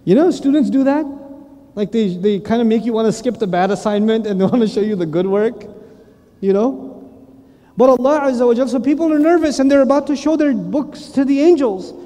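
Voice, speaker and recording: A middle-aged man preaching a lively sermon, often acting out the voices of the people in his stories. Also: very high voice, a little fast. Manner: animated, playful, acts out voices. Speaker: Islamic preacher and teacher. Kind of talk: lively sermon with acted quotes. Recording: long reverb of a large hall.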